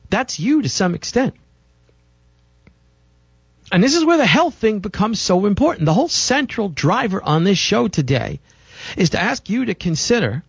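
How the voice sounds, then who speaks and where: A male talk-show host delivers an insistent, preachy health monologue and keeps driving his points home. His voice sits a little high. The audio is dull and lo-fi, with a dry, close sound. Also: vocal fry, breathy edge, dry recording. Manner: emphatic, preachy, insistent repetition.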